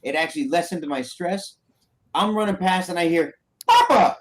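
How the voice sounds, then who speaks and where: A man co-hosting a casual podcast, telling stories in an animated, rambling way. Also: a little high, normal speed. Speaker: podcast co-host.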